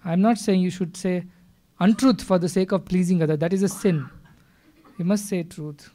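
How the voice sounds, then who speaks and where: A man giving a live spiritual discourse in a hall, speaking in a measured way and explaining with stories and scripture verses. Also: high voice, warm tone. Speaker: spiritual teacher. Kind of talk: satsang discourse.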